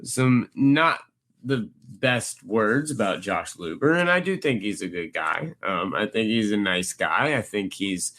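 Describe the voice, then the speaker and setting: A man's voice: fairly low pitch, a little slow. A man co-hosting a podcast, telling stories casually and acting out the people he quotes. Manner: animated storyteller, acts out quoted people in a raised voice. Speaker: podcast co-host.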